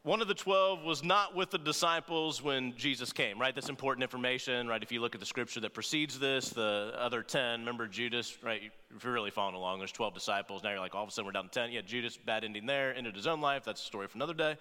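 A man's voice: medium pitch, fast talker, few pauses, bright, forceful tone. A man preaching a sermon as pastor, talking conversationally and often checking in with "right?" and playful asides. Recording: long reverb of a large hall.

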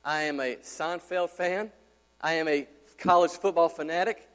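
A man's voice: on the high side, normal speed, a bit bright, smooth. A man in his thirties, a pastor, preaching an emphatic sermon with repeated rhetorical questions. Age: 30s. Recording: long hall reverb.

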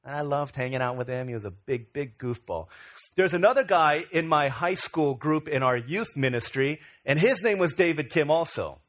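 A man's voice: fairly high pitch, lively intonation, normal speed. Conversational middle-aged male pastor. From Virginia, USA. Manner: conversational, self-deprecating storyteller. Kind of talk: storytelling sermon.

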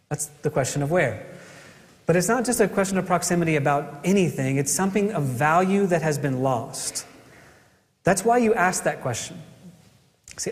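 A man preaching a sermon as a pastor, earnest, asking rhetorical questions and pausing for effect. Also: on the high side, in a large hall.

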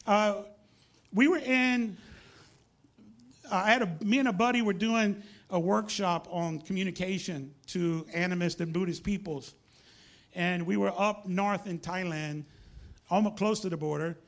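A man preaching a sermon, telling a story with lively acted-out dialogue. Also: sits high, measured pace. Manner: animated storytelling, acts out dialogue.

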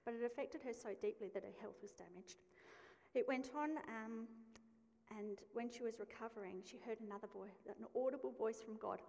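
A woman's voice: a little high, moderate pace, creaky, a little mellow, big-room sound. A woman telling a story during a church service in a conversational way, with fillers and restarts. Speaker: church speaker. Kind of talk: storytelling sermon.

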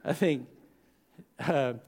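A male pastor preaching a sermon dramatically, swinging from loud lines to hushed ones with long pauses. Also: fairly high pitch, creaky, slightly rough.

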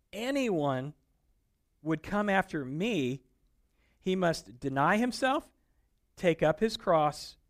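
A man preaching a conversational sermon, his voice a touch higher than most men's. He swings his pitch widely, jumping up for quoted voices and dropping low for serious points. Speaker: pastor.

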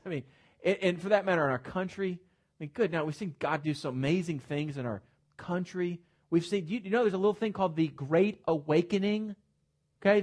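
A pastor delivers an emphatic sermon in a church sanctuary, his voice a little higher than most men's. He stays animated throughout, tosses in joking asides, and often repeats a word as he begins a new thought.

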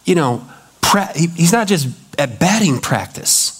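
A male pastor preaching in a loose, conversational way. His voice sits a touch higher than most men's, and he sinks lower and slower when he presses a point home. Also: very animated, slightly rough. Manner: conversational preaching, acts out quoted voices, drops low and slow for emphasis. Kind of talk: sermon.

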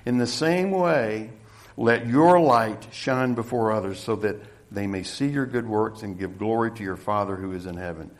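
A middle-aged male pastor preaching a sermon, swinging from loud, emphatic calls to the congregation to quiet, hushed storytelling. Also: lowish voice, normal speed.

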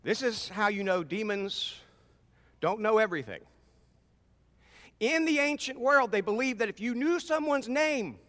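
A man preaching a conversational sermon as pastor in a church. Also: extremely high pitch. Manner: animated, conversational preaching with acted-out voices. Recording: long reverb in a large hall.

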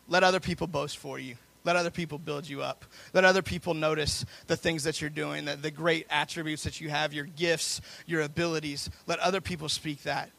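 Gravelly-voiced pastor preaching. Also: male voice, on the high side, fairly bright tone. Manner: preaching with rising intensity and repeated phrases. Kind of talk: sermon.

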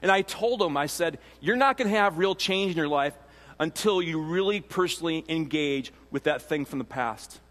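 Man, pastor, sermon, high-pitched voice, casual teaching asides, long hall reverb. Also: lively intonation, moderate pace, a bit bright. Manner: conversational teaching with frequent restarts and asides.

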